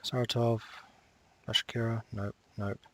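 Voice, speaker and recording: A man's voice: mid-range voice, little pitch movement, a little slow. A man casually commenting on his strategy game as he plays, often muttering to himself and talking back to the game. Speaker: strategy game let's player.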